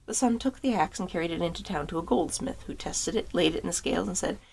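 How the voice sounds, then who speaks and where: A woman, an author, reading a fairy tale aloud in a calm, even storytelling manner. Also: lowish voice, fast, creaky, hardly any pauses, husky.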